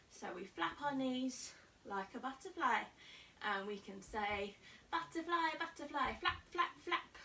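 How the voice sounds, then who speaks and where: A woman's voice: sits high, bright, forceful tone, recorded from a distance, slight background noise. A woman leading young children through a martial arts exercise class, cheerful and coaxing with sing-song cues. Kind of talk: kids' exercise class led to camera.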